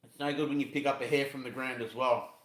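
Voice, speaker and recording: A man's voice: medium pitch, fairly even intonation, quick pace, a bit bright. A man hosting a casual live-stream cooking chat, rambling along, talking to himself and his viewers with cheeky jokes. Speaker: fishing channel host. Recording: echoey room.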